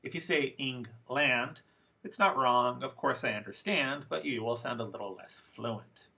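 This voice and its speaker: A man teaching English pronunciation in a lecture, speaking deliberately and repeating example words slowly for learners. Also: mid-range voice, animated, creaky, sharp tone. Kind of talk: recorded classroom lecture.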